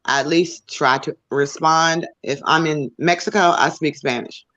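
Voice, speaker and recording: A woman's voice: deep voice, steady tone, measured pace, fairly bright tone, dull audio. An American woman on a podcast panel, arguing her case and explaining in numbered points. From United States. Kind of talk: heated panel discussion.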